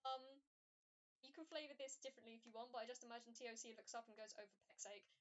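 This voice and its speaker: A woman narrating a tabletop game as game master, relaxed and hesitant. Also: a little high, fast talker, lo-fi sound.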